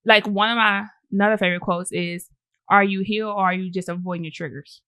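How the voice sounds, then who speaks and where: A woman's voice: mid-range voice, fast, smooth, no echo. A woman on a podcast, talking in a casual way and acting out the things that she and others said. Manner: animated storyteller, acts out quotes. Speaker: podcast guest. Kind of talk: casual conversation.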